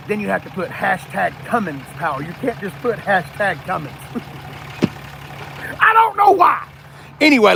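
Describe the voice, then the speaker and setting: A man's voice: high-pitched, vocal fry, a bit bright. A man in a casual, jokey, rambling vlog, talking to his live chat while showing a truck. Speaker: car vlogger. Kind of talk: casual livestream walkaround.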